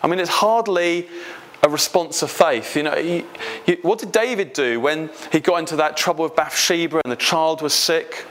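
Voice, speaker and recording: A man preaching a sermon in a conversational, gently humorous way, putting questions straight to his congregation. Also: a little high, normal speed. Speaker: pastor.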